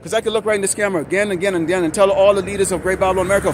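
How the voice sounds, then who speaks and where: High-voiced man ranting over traffic. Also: racing. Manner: heated, ranting, profane. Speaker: street preacher. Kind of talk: street preaching to camera. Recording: outdoor traffic noise.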